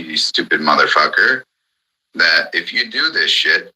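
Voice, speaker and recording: A man's voice: sits low, animated, measured pace, sharp tone, husky, low-quality recording. A man in an angry, profane ranting monologue on a live audio chat, hammering the same points again and again. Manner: furious, profane, repetitive.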